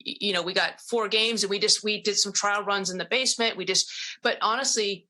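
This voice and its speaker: A woman's voice: mid-range voice, bright, forceful tone. A woman hosting a podcast, chatting casually with an enthusiastic, word-repeating manner. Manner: enthusiastic, quick reactions, repeats words. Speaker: podcast host. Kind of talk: casual interview chat.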